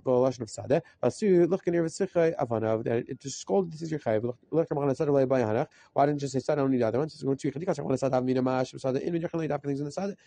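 Rapid-fire man teaching Talmud. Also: a little high, mellow, no echo. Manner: rapid translating chant mixing Aramaic phrases. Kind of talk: rapid daf yomi lesson.

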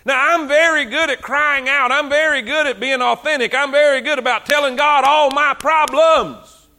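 A male preacher delivers a fervent sermon in a high, bright voice. He talks conversationally and repeats phrases to drive his points home. His delivery is loose, with frequent restarts as he gathers momentum. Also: steady tone, moderate pace.

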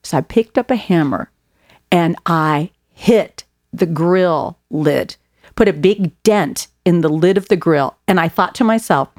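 Animated middle-aged woman telling stories. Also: on the low side, moderate pace, dry recording, clean studio sound. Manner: animated storyteller, laughs at herself. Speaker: guest author and speaker. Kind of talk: casual conversation, storytelling.

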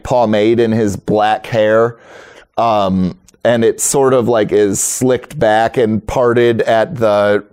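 A man narrating a tabletop game as game master, describing scenes in a relaxed, rambling way. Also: on the low side, clear, resonant tone.

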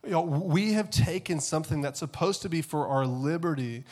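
A man preaching a sermon that opens with a comic personal story. He is an animated storyteller who keeps checking in with "okay?" and often repeats words as he goes. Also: fairly high pitch, moderate pace. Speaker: pastor.

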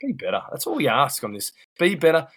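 A man's voice: fairly high pitch, huge pitch swings, a little fast, fairly bright tone, no echo. A man co-hosting a casual podcast over a video call, blunt, sweary and rambling. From New Zealand. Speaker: podcast co-host. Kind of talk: casual banter.

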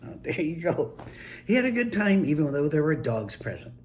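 An older man, a grandfather, telling casual anecdotes in a relaxed, folksy, wry way. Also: fairly high pitch, normal speed, a little hiss or hum. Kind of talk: casual storytelling monologue.

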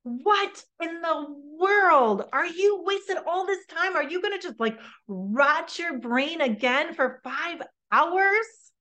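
A woman voicing an exasperated mother scolding her child, yelling at him. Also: extremely high pitch, expressive, takes it slowly, few pauses, muffled recording, voice pushed up, heavily acted.

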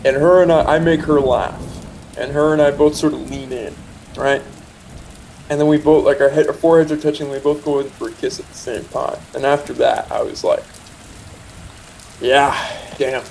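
A man's voice: mid-range voice, fairly even intonation, normal speed, vocal fry, darkish tone, slight background noise, rough recording. A young man casually telling a personal anecdote, rambling with restarts and asides and quoting himself and others. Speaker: storyteller.

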